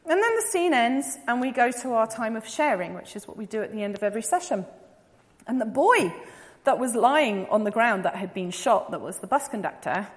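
A woman's voice: a little high, very animated, fairly quick, in a large hall. A woman giving a talk as a psychodrama practitioner, telling a story vividly and earnestly.

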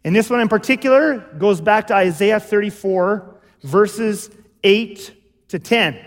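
Male pastor, high voice, sermon delivery, explanatory, lingering hall reverb. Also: measured pace. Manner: explanatory, repeats "okay?" to check understanding. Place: church.

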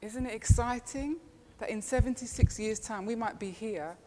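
A woman's voice: on the high side, normal speed, mellow, big-room sound, a little hiss or hum. A woman preaching a sermon, telling chatty personal stories and laughing often. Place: church.

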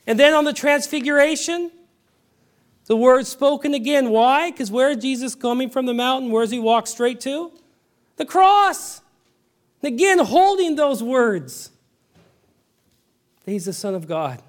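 A man with a notably high voice delivers a sermon as pastor. He drops to quiet, intimate storytelling, then rises to emphatic, ringing declarations. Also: lively intonation, a little slow, pauses often. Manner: emphatic, swinging from hushed storytelling to raised exclamations.

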